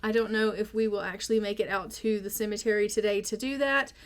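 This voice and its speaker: A woman's voice: medium pitch, fairly even intonation, quick pace. A woman casually narrating her gameplay in a chatty, rambling way with frequent ums. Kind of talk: casual let's-play narration.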